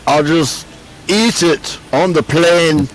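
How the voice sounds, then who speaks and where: A man's voice: on the high side, slow, a little hiss or hum, low-quality recording. A man cracking jokes and rambling in casual chat on a game stream. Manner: joking, rambling. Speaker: stream guest.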